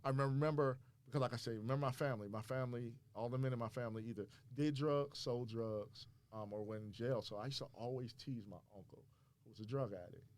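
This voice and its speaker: A man from Maryland tells his personal faith testimony as a podcast guest. He speaks in an animated, storytelling way, often restarting and repeating words as he goes. His voice sits at a middle pitch for a man. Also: fast talker. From Maryland, USA.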